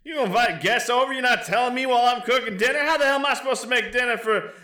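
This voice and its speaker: A man voicing a bossy, loud older woman who scolds sharply while cooking dinner. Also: a little high, rapid-fire, echoey room, voice pushed up. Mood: scolding.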